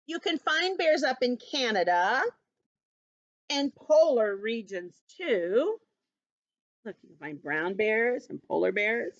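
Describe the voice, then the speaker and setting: A cross little male koala from a storybook, as a woman reads him aloud, griping that everyone keeps calling him a bear. His voice sits high, swoops up and down, and his complaints come slowly. The sound is dull and lo-fi, recorded close and dry. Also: lively intonation, no room sound. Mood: indignant. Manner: indignant, complaining. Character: grumpy male koala fed up with being called a bear.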